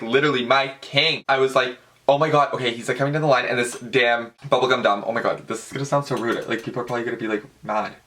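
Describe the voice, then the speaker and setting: A young man telling a story in a casual vlog, gushing and chatty, calling his viewers "girl" and dropping "like" into every line. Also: mid-range voice. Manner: dramatic, excitable fan. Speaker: vlogger.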